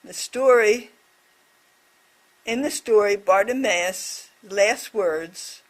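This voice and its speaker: Slow, measured woman voicing a reflection. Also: mid-range voice. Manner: slow, measured, in short phrases. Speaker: voice interpreter for a deaf presenter. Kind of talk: slow spoken reflection on a scripture story.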